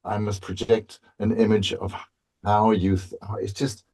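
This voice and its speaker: A man's voice: lowish voice, level tone, measured pace, vocal fry, a little mellow, breathy edge. A man guest on a podcast talking in a rambling, playful way, often restarting his thoughts. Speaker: voice actor guest. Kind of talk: casual podcast chat.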